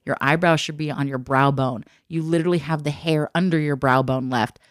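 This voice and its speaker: A woman's voice: low-pitched, steady tone, brisk, no echo, clean studio sound. A woman in casual chat who tells stories at length, laughs often and acts out the people she quotes.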